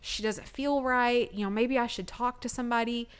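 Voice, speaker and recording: This female podcast co-host has a clean, steady, somewhat high voice and talks at a moderate pace. She casually retells a TV episode, playing out the characters' lines.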